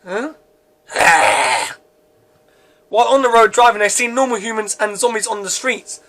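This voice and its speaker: A man narrates a first read-through of his own script, stumbling and restarting often. His voice sits very high for a man. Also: fairly even intonation, fast, fairly bright tone. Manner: plain reading with frequent stumbles and restarts.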